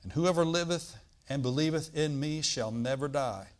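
A man preaching a sermon, reading scripture aloud and explaining it, swinging from loud bursts to quiet asides. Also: fairly high pitch, moderate pace. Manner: animated preaching, bursts loud on quoted lines then drops quiet; reads old-style scripture, asides with "all right?".

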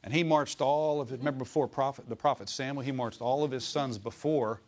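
A man preaches at a middle pitch, easy and conversational. He keeps checking in with his listeners, asking questions as he goes. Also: fairly even intonation, a little fast. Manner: acts out voices in quotes. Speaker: pastor. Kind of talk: sermon.

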